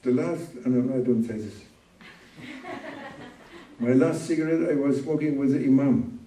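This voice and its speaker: A man giving an informal sermon as a sheikh, speaking in a plain, halting way and repeating words for emphasis. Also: mid-range voice, warm tone, a little hiss or hum. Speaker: sheikh teaching a religious talk. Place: gathering room at a summer camp. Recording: roomy room, distant mic.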